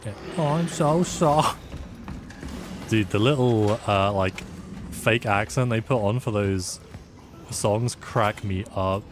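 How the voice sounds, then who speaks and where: Low-voiced man streaming a game. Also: steady tone, slow pace, background noise. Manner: casual, reactive, swearing, chatting with viewers. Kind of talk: live gameplay commentary. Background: game music.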